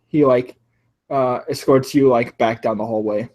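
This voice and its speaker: A man's voice: mid-range voice, steady tone, moderate pace, a little mellow. A man narrating as game master in a casual, filler-heavy way, saying like a lot.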